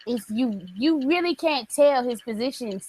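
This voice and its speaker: Woman, podcast co-host, blunt, profane, fairly high voice, lively delivery. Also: normal speed, no echo, poor audio. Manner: blunt, profane, animated ranting. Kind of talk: casual wrestling podcast chat.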